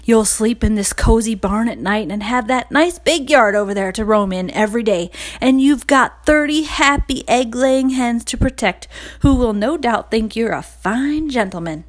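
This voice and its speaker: A woman's voice: fairly high pitch, lively intonation, normal speed, natural voice. A woman voicing a cheerful male farmer in a storybook, jovial and welcoming.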